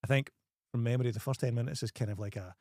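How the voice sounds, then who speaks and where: A man with a Scottish accent hosting a casual film review chat, animated and often restarting his phrases. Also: mid-range voice, fast, no room sound, clean studio sound. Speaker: host.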